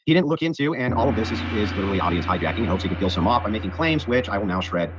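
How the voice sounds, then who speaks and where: A man's voice: lowish voice, animated, very fast. A man giving a debate opening statement, combative and dismissive of his opponent, heard as a dull lo-fi clip.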